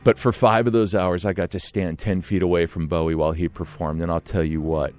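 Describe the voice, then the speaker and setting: A man telling a long anecdote as a podcast guest, animated and acting out other people's lines with hushed and loud voices. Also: deep voice, brisk, soft background music. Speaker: guest storyteller.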